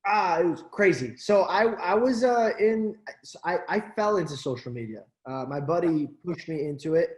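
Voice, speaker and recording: Young male interview guest, lively chatty storyteller, a bit high-pitched, roomy echo. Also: normal speed. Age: young adult. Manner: animated, acts out quoted friends, many fillers. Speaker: interview guest, actor and social media creator.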